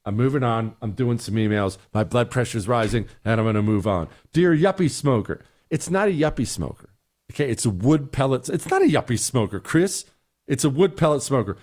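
A man's voice: medium pitch, expressive, normal speed, a little mellow. A middle-aged man hosting a talk show, giving blunt, exasperated opinions and answering listener emails.

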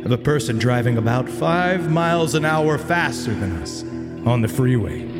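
A man's voice: medium pitch, expressive, moderate pace, over loud music. A man hosting a comedic true crime podcast, narrating theatrically and laughing often.

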